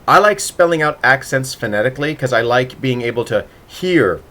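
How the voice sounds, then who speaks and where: A man's voice: medium pitch, lively intonation, normal speed, pushed and bright. A man hosting a casual writing livestream, thinking aloud and muttering to himself as he works.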